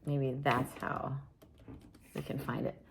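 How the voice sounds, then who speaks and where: A woman's voice: extremely low pitch, level tone, takes it slowly, vocal fry, slight background noise. A woman livestreaming at home, chatting casually in a rambling way with many restarts.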